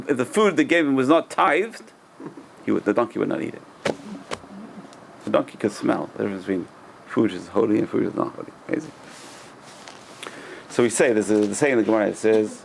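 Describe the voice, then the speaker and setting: A middle-aged rabbi with a gravelly edge to his voice, teaching a class in a loose, chatty way. He tells stories, repeats phrases and chuckles as he goes. A faint hum sits behind him. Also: mid-range voice, lively intonation, a little fast, long pauses. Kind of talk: Torah lesson with storytelling.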